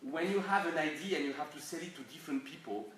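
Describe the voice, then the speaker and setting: A man from France with a French accent and French as his first language, giving a live talk in halting English full of restarts and fillers. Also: fairly high pitch, fairly bright tone. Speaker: guest speaker. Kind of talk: live presentation. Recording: echoey room, far mic, noise.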